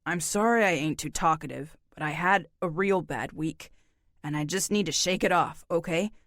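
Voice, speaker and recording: A woman doing a gruff, terse drifter man. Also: deep voice, moderate pace, fairly bright tone, no echo, studio quality, pitched below the performer's own voice. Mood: flat, blunt. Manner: blunt, clipped, folksy grammar. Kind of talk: audiobook character voice.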